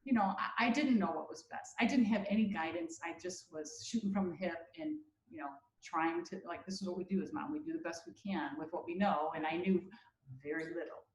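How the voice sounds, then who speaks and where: A woman's voice: lowish voice, brisk, a little mellow, echoey room, a little hiss or hum, rough recording. A middle-aged woman, a mother co-hosting a webinar, reflecting in casual conversation. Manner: chimes in with short reactions and laughs.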